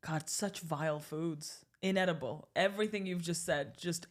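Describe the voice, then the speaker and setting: A woman comedian guest on a podcast, chatting playfully with quick, crude jokes and frequent laughter. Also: fairly low pitch. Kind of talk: casual comedic chat.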